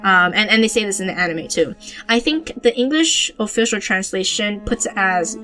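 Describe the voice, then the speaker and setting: Faint music backs a podcast host as she goes through manga panels in a chatty, rambling style, heavy on fillers and restarts. Her voice is medium-pitched and sharp, with lively intonation, at a normal speed.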